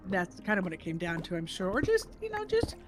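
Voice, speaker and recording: A woman's voice: huge pitch swings, fast talker, music in the background, poor audio. A middle-aged woman from the United States, chatting casually as a livestream co-host and acting out what people said to her. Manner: chatty storytelling, acts out quoted people with big pitch jumps. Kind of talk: casual chat.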